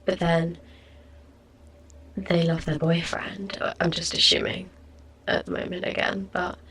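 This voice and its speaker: A woman's voice: lowish voice, level tone, a little slow, fairly bright tone, a little hiss or hum. A young woman hosting a solo podcast, chatting casually and rambling about her day while sounding tired. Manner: chatty, rambling, lots of likes and ums. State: tired, yawning. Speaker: podcast host.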